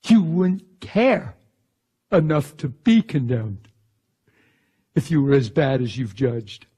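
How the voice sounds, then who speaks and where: A male preacher delivering a fervent sermon in a husky voice, swinging from exclamations down to hushed whispers. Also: mid-range voice, measured pace.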